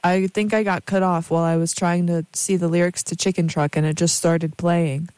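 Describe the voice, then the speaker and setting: A young woman talks casually between songs, wandering from thought to thought with plenty of fillers. Her voice sits a little low. It is recorded dry and close, with no room sound. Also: level tone, moderate pace, a little mellow, dry recording. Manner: rambling, chatty, many fillers and asides. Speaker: radio host.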